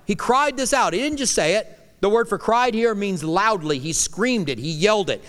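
Middle-aged male pastor, emphatic sermon delivery that rises loud and drops hushed, resonant voice, church hall reverb. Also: sits high, expressive, normal speed. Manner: emphatic preaching, swinging between loud declarations and hushed lines.

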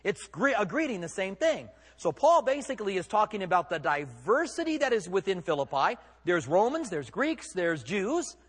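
Husky high-voiced pastor preaching in a hall. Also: male voice, big pitch swings, normal speed, few pauses, fairly bright tone. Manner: emphatic, conversational preaching with rhetorical questions. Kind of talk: sermon.

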